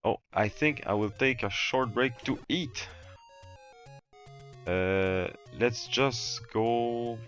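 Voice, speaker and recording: A French-speaking man from Quebec with a Québécois French accent, chatting loosely while he plays a game live, with halting starts, fillers and restarts. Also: mid-range voice, fairly bright tone. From Quebec, Canada. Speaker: streamer. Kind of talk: casual gaming livestream chat. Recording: faint game music underneath.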